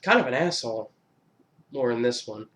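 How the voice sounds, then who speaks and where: Male YouTuber, casual, mid-pitched, rambling and foul-mouthed, countdown host. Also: expressive, moderate pace, fairly bright tone. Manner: rambling, profane, fillers and restarts.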